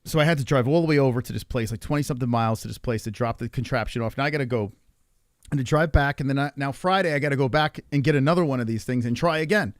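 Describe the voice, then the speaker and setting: A man's voice: medium pitch, racing, dry recording, clean studio sound. A man streaming a rambling, profane monologue with an exasperated manner. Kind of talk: ranting casual monologue.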